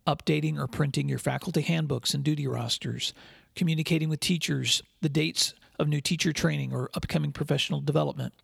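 Male podcast host: earnest, measured storyteller, husky and dry. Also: on the high side, dry recording. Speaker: podcast host and school leadership speaker. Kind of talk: scripted podcast monologue with storytelling.

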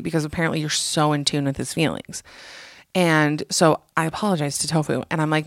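A woman's voice: sits low, a little fast, creaky, no echo. Sarcastic woman podcaster, dry close sound. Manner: sarcastic, animated storyteller. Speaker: podcast host. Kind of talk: casual solo podcast monologue.

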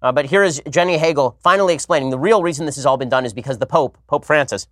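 A man hosting a commentary show, telling stories in a casual, animated way with sarcastic asides. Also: fairly high pitch, quick pace, dry recording, studio quality. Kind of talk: casual comedic monologue.

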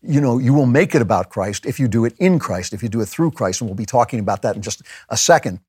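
A man with a slightly husky voice talks through his thoughts in a musing, conversational monologue. He often restarts his sentences, and his voice sits close and dry. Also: mid-range voice, expressive, fast, darkish tone, dry recording. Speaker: podcast host. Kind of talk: reflective spoken monologue.

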